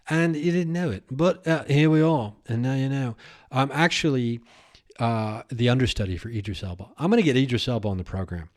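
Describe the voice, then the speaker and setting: A male comedian hosts a solo podcast in a loose, casual monologue. He talks excitably and rambles from riff to riff, often restarting his sentences. His voice sits at an ordinary middle pitch. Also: a little fast.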